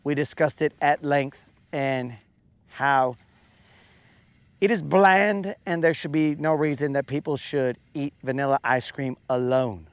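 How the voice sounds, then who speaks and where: A man's voice: fairly high pitch, a little slow, smooth, dry recording. A man hosting a live fishing stream from a boat on a lake, chatting casually with his viewers in a rambling, jokey, self-mocking way. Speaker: fishing livestream host.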